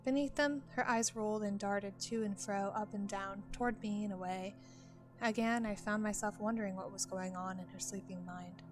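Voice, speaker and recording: A woman's voice: mid-range voice, steady tone, moderate pace. Woman narrating a story over faint music.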